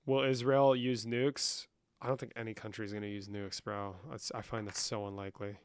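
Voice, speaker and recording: A man's voice: on the low side, flat delivery, fairly quick. Profane young man reading chat. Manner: profane, reads chat aloud and answers. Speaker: streamer. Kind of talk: casual live-stream chat.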